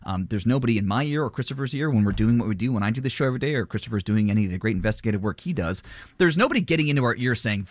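A man's voice: medium pitch, big pitch swings, fast talker, no echo, studio quality. A man hosting a public radio pledge drive, making an earnest appeal to listeners. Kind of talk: fundraising pitch. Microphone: studio microphone.

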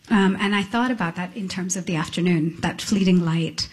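A woman's voice: on the low side, husky. A middle-aged woman musician, talking thoughtfully on stage in an interview, with frequent restarts. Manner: thoughtful, halting restarts, soft laughs. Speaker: musician guest. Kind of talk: reflective interview talk. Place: on stage before an audience.

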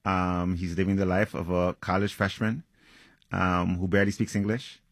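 Low, husky-voiced man, earnest author. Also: level tone, no room sound, studio quality. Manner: earnest and reflective, with frequent "um" pauses. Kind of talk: interview answers and reading from his novel.

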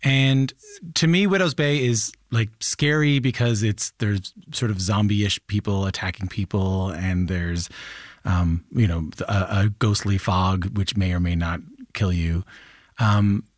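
A man's voice: lowish voice, measured pace, no echo, studio quality. A man hosting an interview who asks long, meandering questions full of restarts. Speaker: interviewer, podcast host.

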